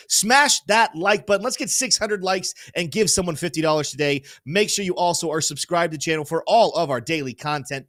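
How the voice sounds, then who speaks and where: A man hosting a crypto show, talking in an upbeat, joking way as he walks viewers through charts. His voice sits fairly high and swings widely in pitch. The sound is dry and close, with no room echo. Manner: energetic, joking, hypes viewers. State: teary-eyed. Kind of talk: casual market commentary.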